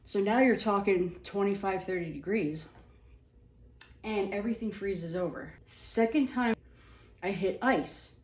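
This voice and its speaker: A woman telling funny personal stories in a casual, animated, self-mocking way. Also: medium pitch, measured pace, recorded from a distance. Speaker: storyteller. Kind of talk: casual storytelling. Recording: echoey room.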